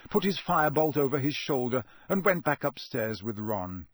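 A man narrating a storybook audiobook in an expressive, scripted way. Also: mid-range voice, moderate pace, hardly any pauses, no echo. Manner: expressive, acts out every character.

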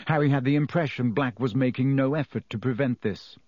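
A man narrates an audiobook in a measured, steady way. His voice sits at a middle pitch. The recording is close and dry. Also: no echo. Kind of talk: scripted narration.

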